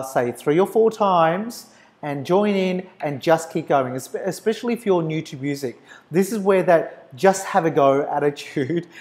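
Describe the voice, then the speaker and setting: A man's voice: a little high, a little mellow. A man giving a recorded university lecture, explaining step by step and chanting rhythm syllables.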